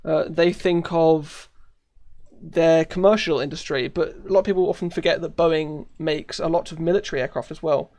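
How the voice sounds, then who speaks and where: A man's voice: fairly high pitch, fairly even intonation, normal speed, darkish tone. A man with a British accent chatting casually while live-streaming a game, rambling with many fillers and frequent laughs. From United Kingdom.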